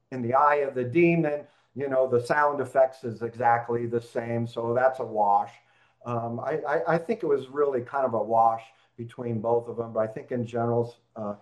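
A man co-hosting a casual movie podcast, speaking haltingly with many fillers. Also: mid-range voice, low-quality recording. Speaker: podcast co-host. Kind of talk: casual chat.

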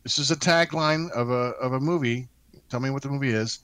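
A man's voice: medium pitch, fairly quick, fairly bright tone, clear, resonant tone, dry recording. Playful man hosting a podcast quiz. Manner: playful, reads questions dramatically. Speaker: quiz host. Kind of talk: casual podcast chat.

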